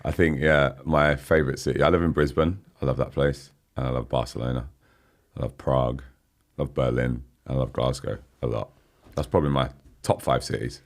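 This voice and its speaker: Very deep-voiced chatty man. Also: fairly even intonation, a little fast. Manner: chatty, laughs often, lots of "you know what I mean". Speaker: guest musician. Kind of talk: casual interview chat. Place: podcast studio.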